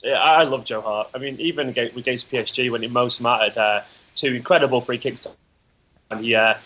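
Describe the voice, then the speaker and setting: A man's voice: mid-range voice, a little fast, pushed and bright, rough recording. A man appearing as a guest in a casual football chat, enthusiastic and opinionated.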